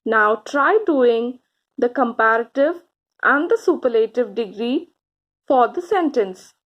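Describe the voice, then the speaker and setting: A woman teaching grammar to children, speaking slowly and encouragingly, stretching out key words and pausing for answers. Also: on the high side, animated, a bit bright, dull audio. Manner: slow, encouraging, drawn-out words with pauses for answers.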